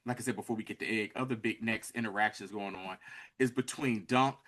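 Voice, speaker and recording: A man's voice: lowish voice, fairly quick. A man casually recapping a TV episode with a co-host, acting out the characters' lines as he goes. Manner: animated storytelling, acts out characters' lines. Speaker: podcast co-host.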